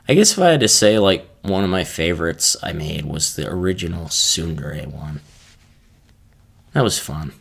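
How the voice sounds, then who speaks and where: A man's voice: low-pitched, gravelly. A man hosting a casual solo podcast, rambling in a laid-back, unsure way as he answers questions about his ASMR videos.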